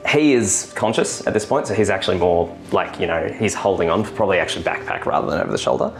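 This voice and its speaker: A man's voice: deep voice, quick pace, gravelly. A man narrating as game master of a tabletop role-play, loose and rambling, with plenty of ums.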